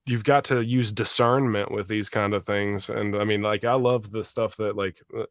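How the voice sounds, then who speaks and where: A man with a low voice on a casual podcast, emphatic and opinionated. He leans into his points with a sardonic edge. The recording is dry and close. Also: steady tone, moderate pace, no room sound.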